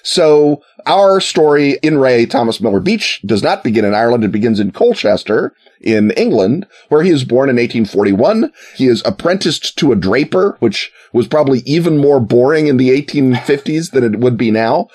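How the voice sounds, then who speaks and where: A man telling a history story in a casual, wry way, with joking asides and quick put-on voices for quoted people. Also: mid-range voice, expressive, a little mellow.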